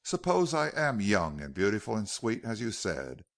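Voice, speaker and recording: A man's voice: on the low side, huge pitch swings, moderate pace, vocal fry, heavily acted. A male narrator voicing a defiant, frightened young woman held captive, speaking earnestly in an audiobook. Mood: pleading.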